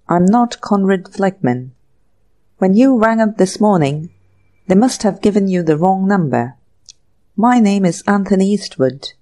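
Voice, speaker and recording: A woman voicing a breezy, cheerful young gentleman in a storybook reading, talking lightly and pleasantly. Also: mid-range voice. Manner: light, pleasant, jaunty banter.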